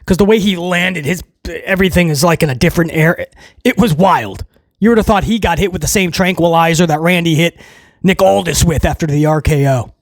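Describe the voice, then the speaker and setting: A man recapping a wrestling show in a casual, excitable way, rambling with restarts and chuckles. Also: on the high side, fairly quick, no echo, studio quality.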